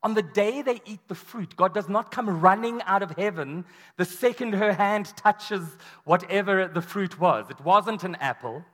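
A man preaching a sermon to a room, telling the story with animated, acted-out quotes. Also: sits high, normal speed. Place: large hall or church. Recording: long hall reverb.

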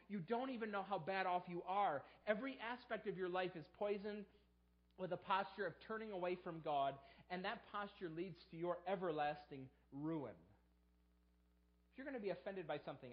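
Here a pastor with a high voice preaches a sermon, and the recording has its highs cut off. Each time he imitates the excuses people make, his voice shoots upward.

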